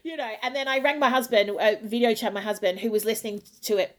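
In a casual interview, a middle-aged Australian woman who sings opera tells an animated story, performing the lines she once said. She talks fast with a fairly high pitch.

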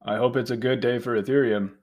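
A man voicing an ambitious, grasping male scientist with a forceful laugh in an audiobook. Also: medium pitch, steady tone, a little fast, pitched above the performer's own voice, natural voice. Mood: brash.

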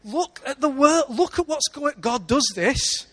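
A man with an English accent preaching a sermon in church, lively, with big swings between loud and quiet. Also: extremely high pitch, unhurried. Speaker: pastor.

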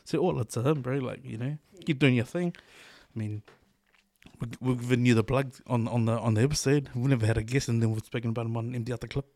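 A man, co-hosting a podcast in casual chat, talking in a relaxed, rambling way with lots of slang. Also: medium pitch, quick pace, no room sound. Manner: laid-back, rambling, lots of fillers and slang. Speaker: podcast co-host.

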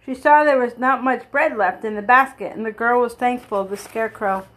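A woman reading a children's storybook aloud at a steady pace, with small slips and restarts. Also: a little high, normal speed, low-quality recording. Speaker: reader.

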